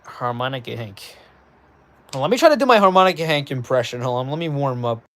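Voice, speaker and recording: A man streaming live, chatting casually with his viewers and reading their messages aloud in animated bursts. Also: mid-range voice, fast. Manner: animated, reads chat aloud, excitable bursts. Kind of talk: casual livestream chat.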